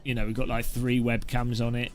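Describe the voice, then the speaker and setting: A man's voice: medium pitch, completely flat delivery, brisk, faint music behind. Rambling man on a live stream. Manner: rambling, with frequent fillers and trailing asides. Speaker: live streamer answering chat questions. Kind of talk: casual live-stream chat. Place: home streaming setup with several webcams.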